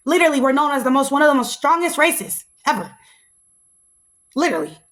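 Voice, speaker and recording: A young woman, hosting a podcast in a sassy, animated casual monologue. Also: sits high, fast talker. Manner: animated and sassy, slips into mocking put-on voices. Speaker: podcast host.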